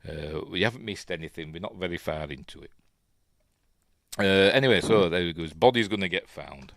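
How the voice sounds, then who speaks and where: A low, expressive male voice comes through brisk and clean, with studio sound and no echo. He's a film review host from Yorkshire, England, rambling chattily with plenty of fillers as he casually comments on an old film while watching it.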